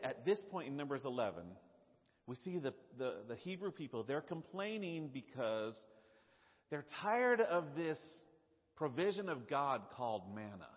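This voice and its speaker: A man preaching a sermon in an animated, conversational way, with fillers and repeated words. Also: fairly high pitch. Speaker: pastor. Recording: dull lo-fi sound, long hall reverb.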